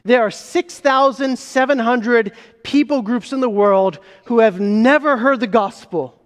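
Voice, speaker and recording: Male pastor, sermon, emphatic and rhetorical, long hall reverb. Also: very high-pitched. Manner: emphatic, rhetorical questions, slows for key phrases.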